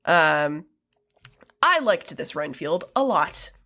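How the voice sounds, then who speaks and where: Young woman, podcast co-host, casual film chat, lowish voice, chatty, laughs a lot. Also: big pitch swings, slow, vocal fry, sharp tone. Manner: chatty, laughs often, many ums and likes.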